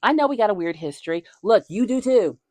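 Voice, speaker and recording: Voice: mid-range voice, expressive, a little fast, darkish tone, no room sound. A channel host from the southern United States with a Southern American accent, rambling in a chatty way with folksy asides. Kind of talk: casual talking-head chat.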